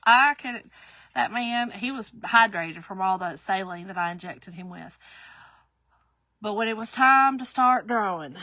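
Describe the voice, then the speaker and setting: A woman's voice: medium pitch, pushed and bright, no echo. A middle-aged woman hosting a live craft demo, chatty and laughing often as she greets viewers by name. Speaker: craft livestream host.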